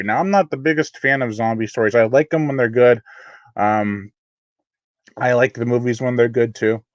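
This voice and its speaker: Dull audio with no room sound carries this adult man's mid-range voice. As a horror channel host doing a live unboxing stream, he's casual and self-deprecating, rambling and restarting his sentences often.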